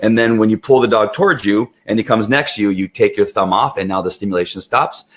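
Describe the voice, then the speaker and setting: A middle-aged man with a lowish voice explains how to train dogs. He talks in a lively, hands-on way and often slips into the dog's point of view to make his point. It sounds like an instructional talk. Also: fast. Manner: animated, acts out the dog's thoughts. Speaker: dog trainer.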